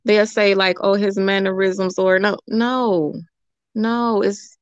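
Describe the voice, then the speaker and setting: Animated woman hosting a call-in chat. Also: medium pitch, slow pace, smooth, dry recording, highs cut off. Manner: animated, laughing often, rambling. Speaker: show host. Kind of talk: casual chat, call-in show.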